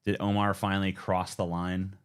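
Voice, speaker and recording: A man's voice: low voice, flat delivery, normal speed, smooth. A man in his twenties chatting casually on a live stream, joking and swearing as he answers viewers. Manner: joking, profane, laid-back.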